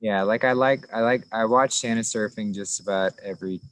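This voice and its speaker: A man in relaxed casual conversation, speaking in an easygoing way with fillers, outdoors in a forest. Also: lowish voice, brisk, poor audio. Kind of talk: casual chat.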